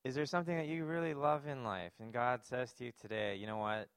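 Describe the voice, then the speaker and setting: A man's voice: mid-range voice, animated, fast talker, smooth, no room sound, clean studio sound. A man preaching a sermon, earnest and emphatic, posing rhetorical questions to his congregation. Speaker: pastor.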